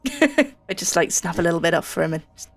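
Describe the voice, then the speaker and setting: Gravelly-voiced woman at a tabletop game. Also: on the low side, expressive, normal speed, faint music behind. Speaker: player. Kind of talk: tabletop role-play.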